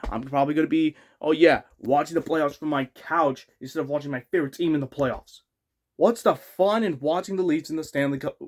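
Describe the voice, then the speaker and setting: Young male fan vlogger, exasperated rant, slightly high voice. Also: a little mellow. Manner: exasperated, repetitive ranting. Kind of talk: ranting fan commentary.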